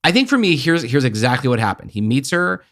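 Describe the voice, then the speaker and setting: A man talking as a podcast guest in casual film chat, animated, swearing freely and leaning on "like" as filler. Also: mid-range voice, fairly quick. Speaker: podcast guest, TV and game producer.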